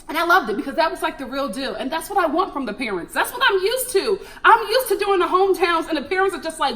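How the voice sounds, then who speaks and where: A young woman chatting animatedly through a TV recap, breaking into laughs and jumping high in pitch for emphasis. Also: expressive, quick pace, hardly any pauses, fairly bright tone. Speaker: TV recap vlogger.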